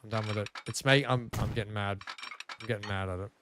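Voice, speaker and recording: A male Australian gaming streamer, set up in his home room, chats with viewers while live-streaming a building game, grumbling at his track with self-mocking frustration. His voice is fairly low and fairly bright, his intonation fairly even, and his pace quick. A little hiss or hum can be heard.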